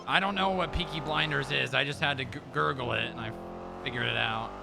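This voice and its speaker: A man's voice: medium pitch, brisk, gravelly, music in the background. A man streaming in-character role-play chat, joking and swearing casually. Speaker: streamer playing an agent.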